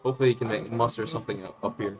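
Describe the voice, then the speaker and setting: A man's voice: lowish voice, steady tone, rapid-fire, highs cut off. A young man giving crude, joking, offhand live game commentary. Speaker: esports commentator.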